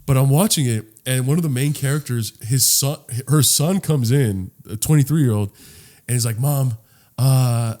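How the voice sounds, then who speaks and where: A man hosting a podcast, telling a rambling, animated story full of restarts and casual swearing. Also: medium pitch, normal speed. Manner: swears freely. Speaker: podcast host. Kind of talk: casual chat.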